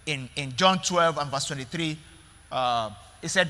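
A man's voice: a little high, unhurried, sharp tone, long reverb tail. A male pastor preaching a sermon in an emphatic way, repeating words and calling out to the congregation.

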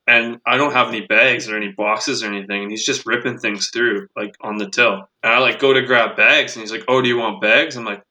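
A man's voice: fairly low pitch, sharp tone, poor audio. A man hosting a podcast, telling an exasperated, profane story in casual chat. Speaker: podcast host.

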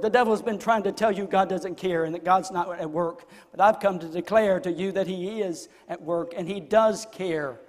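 A high-pitched male preacher delivering a sermon with dramatic swings in volume. He drops to near-whispers, then builds to fervent shouts. His voice carries a long reverb, as if he is recorded in a large hall. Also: normal speed.

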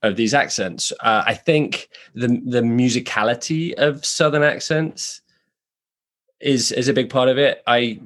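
A British man, an actor, talking through ideas in a relaxed podcast chat, thoughtful and frank, circling back on himself as he goes. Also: medium pitch, measured pace. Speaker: actor, guest. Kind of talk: casual podcast conversation. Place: New York.

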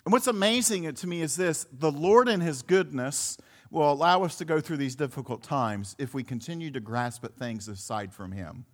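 A man with a fairly high voice delivers a sermon in an easy, conversational way. He circles back and repeats himself as he hunts for the words, and drops in a few small laughs. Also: normal speed. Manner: conversational preaching with many restarts and laughs. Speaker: pastor.

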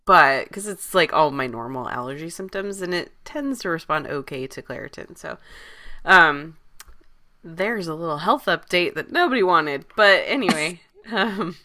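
Congested woman, bright tone, relaxed chatty podcast co-host. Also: lowish voice, moderate pace. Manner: chatty, laughs easily. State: congested, stuffy nose. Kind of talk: casual chat.

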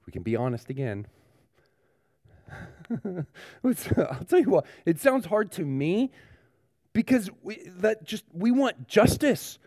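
Pastor preaching to kids. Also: male voice, high-pitched, sing-song, slow, long pauses, a little mellow, no room sound, clean studio sound. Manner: talks directly to kids, asks them questions. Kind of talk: children's sermon.

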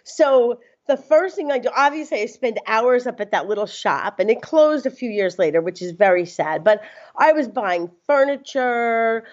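A woman's voice: a little high, normal speed. Chatty woman telling a story, muffled sound. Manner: animated, laughs often, acts out quotes. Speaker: interview guest. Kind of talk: casual storytelling. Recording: slightly dull lo-fi sound.

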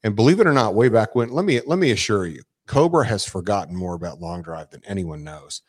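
Man, lowish voice, casual chat, rambling storyteller, swears a lot, many fillers. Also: sing-song, brisk, a little mellow, husky.

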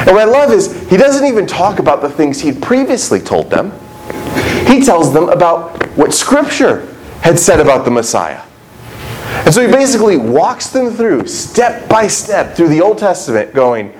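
A pastor preaching a conversational, animated sermon, slipping into quoted voices as he tells the story. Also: sits high, normal speed, a little hiss or hum, rough recording.

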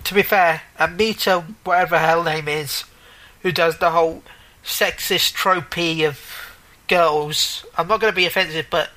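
Bright-voiced man rambling about games. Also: on the high side, fairly even intonation, normal speed, poor audio. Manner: rambling, self-correcting, joking. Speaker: podcast co-host. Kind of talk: casual gaming chat.

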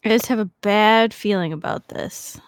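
A woman playing in a tabletop role-playing game, wry and deadpan. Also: medium pitch, normal speed, clear, resonant tone. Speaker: player. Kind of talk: tabletop role-play banter.

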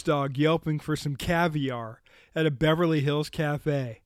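A man hosts a podcast with scripted, sardonic commentary and a pointed, indignant edge. His voice sits a bit high for a man and sounds smooth and resonant. He is heard up close on a studio mic, and the sound is very dry. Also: fairly even intonation, unhurried, no room sound. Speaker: podcast host.

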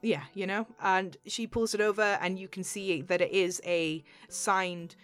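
A woman's voice: mid-range voice, fairly even intonation, a little slow, faint music behind. Woman game master, rambling narration. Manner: rambling, many fillers and restarts, laughs easily.

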